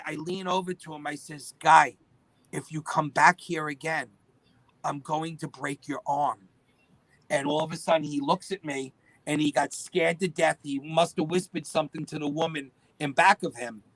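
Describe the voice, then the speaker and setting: A middle-aged man, a guest telling lively stories and acting out the dialogue. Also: a little high, no room sound, poor audio. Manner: animated storyteller acting out quoted dialogue. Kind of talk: storytelling interview.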